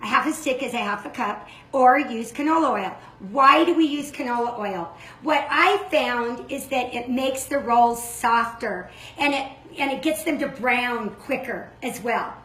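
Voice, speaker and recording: An older woman hosting a cooking demonstration, chatty and quick to explain each step. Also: fairly high pitch, a bit bright, reverberant. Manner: chatty, self-described fast talker. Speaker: cooking show host.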